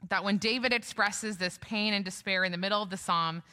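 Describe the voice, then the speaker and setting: Young woman preaching, bright forceful voice, chatty with little jokes, long church-hall reverb. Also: mid-range voice, fairly quick. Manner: conversational with light humorous asides. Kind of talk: sermon. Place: church sanctuary.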